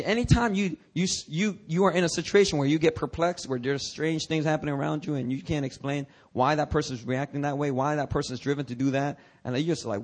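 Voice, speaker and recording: A man's voice: fairly high pitch, a little mellow. A male pastor preaching a sermon, talking candidly with his congregation and breaking into dramatic, rising cries. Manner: conversational, candid asides to the congregation.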